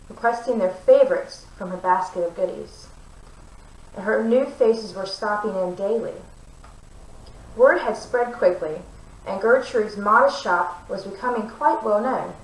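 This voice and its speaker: A woman reading a romantic fantasy novel aloud, with clear, expressive narration. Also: mid-range voice, echoey room, recorded from a distance, low-quality recording. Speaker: book reader.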